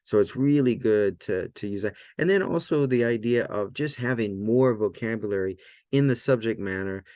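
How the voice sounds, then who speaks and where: A man teaching a language lesson in a relaxed, loose way, often checking in with "right?" and filler words. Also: lowish voice, normal speed, no echo, studio quality. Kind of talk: casual explanatory lesson.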